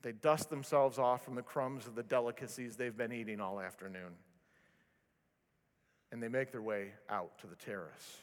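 A male pastor preaching a sermon, telling stories with animated delivery and self-deprecating humor. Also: medium pitch, moderate pace. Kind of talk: sermon with storytelling. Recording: long reverb of a large hall.

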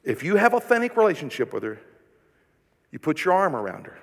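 A pastor preaching a sermon, firing rhetorical questions at the congregation and swinging between loud emphasis and hushed, tender passages. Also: male voice, on the high side, very animated, brisk, pauses often, big-room sound.

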